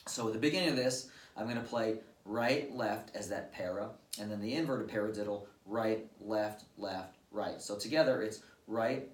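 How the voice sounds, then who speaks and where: A man patiently explaining drum stickings step by step, with casual fillers, as a drum teacher. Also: on the low side. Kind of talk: instructional drum lesson. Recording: roomy, distant-mic recording with drums. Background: drum kit played at times.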